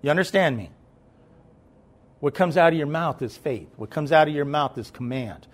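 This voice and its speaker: Speaking at a normal speed in a slightly high, expressive voice, a man preaches a sermon conversationally. He keeps checking whether people are following before building into loud, emphatic preaching.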